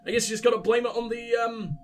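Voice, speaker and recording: A man's voice: very high-pitched, fairly even intonation, fast talker, soft background music. A sick man hosting a game let's play, joking crudely and swearing a lot. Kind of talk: gameplay commentary.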